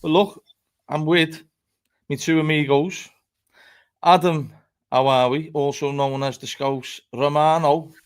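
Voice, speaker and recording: A man's voice: a little high, fairly even intonation, a little slow, pauses often, smooth. A man hosting a live football fan show, chatty and laughing, swearing freely as he talks. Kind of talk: casual live-stream chat.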